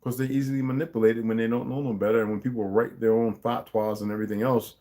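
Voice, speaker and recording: A man's voice: medium pitch, level tone, fast, mellow. A man hosting a stream, reading a novel aloud in a casual way and often stopping to comment and correct himself.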